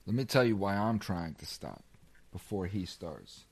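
A man's voice: low-pitched, expressive, moderate pace, a little hiss or hum. A man co-hosting a podcast, talking earnestly and emphatically in casual chat, often repeating a word as he restarts.

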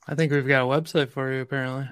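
A man hosting a podcast, upbeat and teasing, with quick asides to his guest. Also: medium pitch, flat delivery, a bit bright, clean tone, no echo. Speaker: podcast host.

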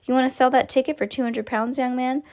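A woman reading a story aloud, voicing a pushy woman who shouts indignantly from a crowd. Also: high voice, fairly even intonation, fast talker, pitched above the performer's own voice. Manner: loud and indignant.

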